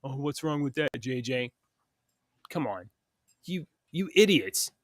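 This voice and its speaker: A man's voice: medium pitch, lively intonation, unhurried, dry recording, studio quality. A man co-hosting a morning talk show, reading news aloud and ranting about it with scorn. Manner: heated, scornful, reads news aloud then rants. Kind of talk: opinionated political rant.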